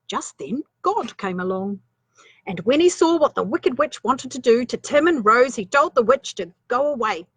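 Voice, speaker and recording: A woman's voice: on the high side, animated, normal speed, a bit bright, slightly rough, dry recording. A woman reading a children's story aloud, playful, with chatty asides.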